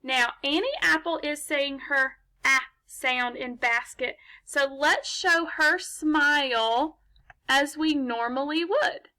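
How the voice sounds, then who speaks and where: A woman teaches young children phonics over a laptop mic. Her voice sits high and bright, and she moves slowly and patiently. She poses questions and answers them herself in an encouraging way.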